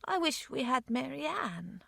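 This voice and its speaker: Picture an eager little girl of six, her voice pitched high and jumping around as she pleads and hopes, put on by a woman reading an audiobook. The sound is dry and close, with no room around it. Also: big pitch swings, unhurried, sharp tone, no echo, full character voice. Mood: sad. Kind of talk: audiobook character voice.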